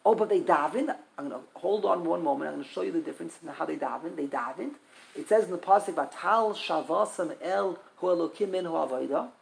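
A man teaching a Torah class in an emphatic way, repeating key words and building to loud peaks. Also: a little high, quick pace, creaky, rough recording.

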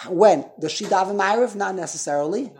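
A man's voice: high voice, a little fast. A man leads an informal Torah class in a conversational tone. He keeps tossing questions to his listeners and corrects himself mid-thought as he explains. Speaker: Torah teacher.

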